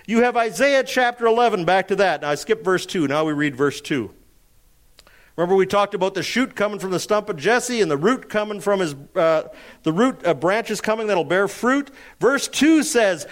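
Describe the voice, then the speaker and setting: A man delivers an expository sermon in a high, lively voice that climbs and drops widely. He is emphatic, asks rhetorical questions and answers them himself. He stretches key phrases out slowly for weight. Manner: dramatic slowdowns on key phrases. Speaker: preacher.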